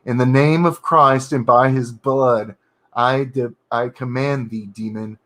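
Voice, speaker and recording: A calm, stern exorcist priest, read by a man from a horror story, issuing slow and deliberate commands in a deep, steady voice. He never yells and stays measured and unhurried. His pitch sits in an ordinary middle range. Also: lightly acted. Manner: slow, deep, commanding statements without yelling. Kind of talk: reading own horror story aloud.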